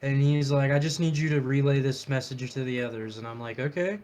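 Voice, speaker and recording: A man's voice: mid-range voice, brisk, a little mellow. A young man co-hosting a podcast, chatting casually and telling stories with a playful, giggly manner. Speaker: podcast co-host. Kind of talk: casual chat.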